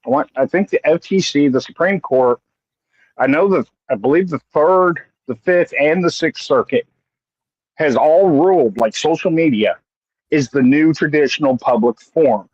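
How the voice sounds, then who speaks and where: A man's voice: a little high, normal speed, darkish tone, no room sound, highs cut off. A man in casual chat who agrees readily and makes matter-of-fact points with legal references.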